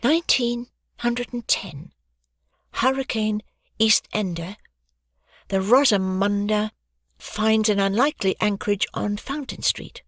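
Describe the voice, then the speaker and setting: A narrator voicing a sleepy, curious young girl in a children's audiobook, sometimes dropping to a breathy whisper. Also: medium pitch, unhurried, pauses often, a bit bright, no room sound, studio quality, voice pushed up, natural voice. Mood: hushed. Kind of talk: audiobook character voice.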